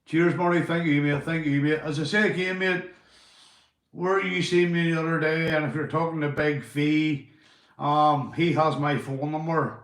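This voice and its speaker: A man's voice: a little high, fairly even intonation, moderate pace. Chatty Northern Irish man, echoey room. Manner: chatty and swearing, giving shout-outs to viewers. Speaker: live streamer. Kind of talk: casual live-stream chat. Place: indoors at home.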